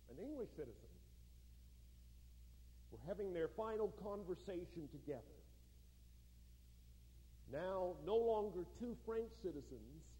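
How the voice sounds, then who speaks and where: A man delivers a sermon to a student audience, moving from storytelling into fervent exhortation. His voice sits high and rises and falls a great deal. The tone is dark and mellow, and it rings out with the long echo of a large chapel. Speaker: guest preacher. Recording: long reverb of a large hall.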